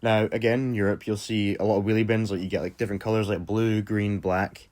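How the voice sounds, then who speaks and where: Scottish man telling a story, low-ish voice. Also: little pitch movement, fast, a little mellow. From Scotland. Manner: loose, swearing, self-mocking storytelling with many fillers. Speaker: storytelling vlogger. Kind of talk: casual storytime.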